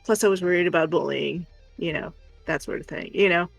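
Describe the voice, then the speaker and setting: A woman's voice: on the low side, brisk, creaky, no echo, faint music behind. A woman streamer telling stories in casual chat and laughing often. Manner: chatty storytelling, laughs often.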